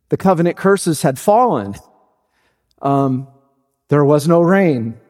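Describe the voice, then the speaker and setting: Slow, deliberate preaching man in a reverberant hall. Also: a little mellow. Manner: slow, deliberate preaching, rising to high emphatic peaks. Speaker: pastor. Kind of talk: sermon.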